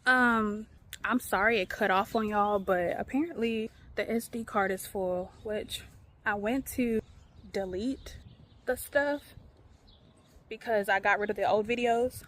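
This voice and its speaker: A woman's voice: medium pitch, unhurried, long pauses, a bit bright. Chatty young woman vlogging, half-whispered. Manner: chatty, talks straight to viewers, often says "y'all" and "child"; half-whispering to keep her business private. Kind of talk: casual vlog chat to camera. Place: home, stairs and outdoors. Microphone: phone or camera held by hand.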